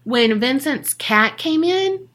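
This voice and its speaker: Podcast co-host, woman, highish bright voice, lively casual storyteller. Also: slow pace. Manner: animated, swearing, acts out quoted people in slang.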